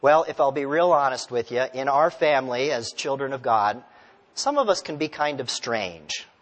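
A man's voice: mid-range voice, animated, moderate pace, a bit bright. Male pastor, conversational sermon, storytelling, mid-range voice, long hall reverb. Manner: conversational, storytelling, asks the congregation questions.

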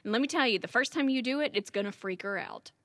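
An earnest woman from Alabama talks as an interview guest in a fairly high voice, animated and sincere. Her sound is dry and close, with no room echo. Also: fast. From Alabama, US South. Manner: earnest, animated, often says "let me tell you". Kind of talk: interview conversation.

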